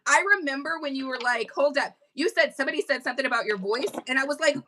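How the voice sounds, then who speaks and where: A woman's voice: sits high, fast, bright, forceful tone, a little hiss or hum. A woman hosting a casual livestream chat, talking bluntly and emphatically and cursing freely. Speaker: livestream host. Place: home livestream setup.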